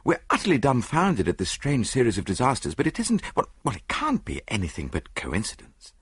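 A nervous, earnest young English gentleman, impulsive and strained, voiced a little higher than the reader's own register, as a man puts him on. The sound is husky and lively, recorded close and dry. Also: fairly quick, dry recording, full character voice.

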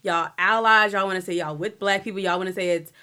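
A woman's voice: mid-range voice, fairly even intonation, quick pace, bright, forceful tone. A young woman co-hosting a podcast in casual chat, emphatic and passionate. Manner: emphatic, building to passionate rants. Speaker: podcast co-host.

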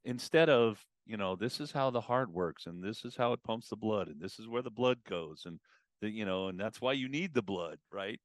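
A man talking as a guest on a podcast about customer communication, casual and animated, acting out customer conversations. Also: lowish voice, moderate pace, dry recording, studio quality. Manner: animated, acts out customer and advisor exchanges. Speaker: automotive business consultant guest.

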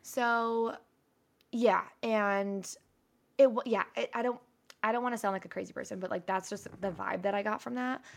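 A young woman co-hosting a casual podcast, her voice carrying a noticeable gravelly fry. She tells stories in an animated, chatty way and swears freely. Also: mid-range voice, moderate pace. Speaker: podcast co-host. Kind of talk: casual chat.

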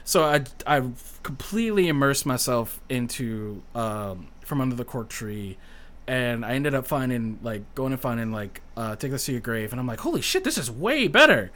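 A man's voice: mid-range voice, normal speed. A man in his thirties, a podcast guest, telling stories in casual chat and swearing freely. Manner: animated storyteller, swears freely, self-deprecating.

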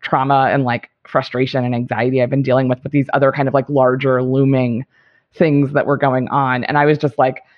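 A woman's voice: extremely low pitch, little pitch movement, a little fast. A woman comedian telling a rambling story in casual podcast chat, laughing between her thoughts. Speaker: guest comedian. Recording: dull lo-fi sound.

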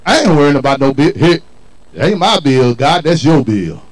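Lively high-voiced man preaching. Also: moderate pace, low-quality recording. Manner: call-and-response preaching, colloquial, emphatic. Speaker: pastor. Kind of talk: sermon.

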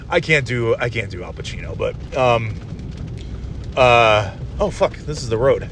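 A man in his forties rambling through a solo talk from the driver's seat, swearing freely and stumbling over fillers. His pitch sits in the middle of the range, with a faint engine hum beneath. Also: animated, unhurried, a bit bright. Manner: rambling, profane, full of fillers. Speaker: podcast host. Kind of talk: casual solo monologue while driving. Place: inside a moving car. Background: faint vehicle hum.

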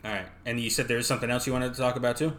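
Male podcast co-host, mid pitch, bright voice, easygoing and hesitant. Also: steady tone, very fast. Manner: easygoing, hesitant, lots of fillers. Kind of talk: casual wrestling chat. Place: apartment.

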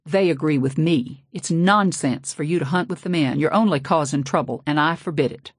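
A woman's voice: low voice, normal speed, breathy edge, dry recording, clean studio sound. Woman voicing a stern, cold preacher father. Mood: commanding. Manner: cold, formal, commanding.

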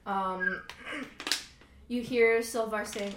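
A woman's voice: medium pitch, normal speed. A woman narrating a tabletop game as game master, hesitant and full of fillers. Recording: echoey room with faint noise.

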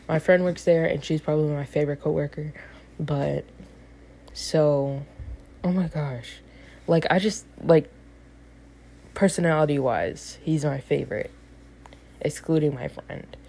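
A woman's voice: deep voice, creaky, mellow. A young woman in her late teens, a student with a part-time job, rambling casually to the camera, full of fillers and self-deprecating asides.

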